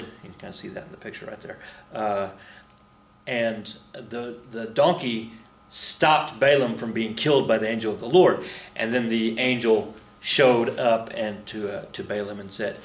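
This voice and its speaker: A man's voice: medium pitch, fairly bright tone, roomy sound. A man teaching a casual recorded history lesson, chatty and rambling, with lots of fillers, restarts and joking asides.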